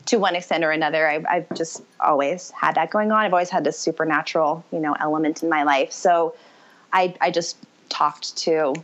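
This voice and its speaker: A woman's voice: deep voice, fairly even intonation, a little fast, fairly bright tone, slight background noise. A woman guest telling her life story in conversation, rambling and correcting herself as she goes. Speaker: podcast guest. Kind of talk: personal testimony in conversation. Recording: muffled lo-fi audio.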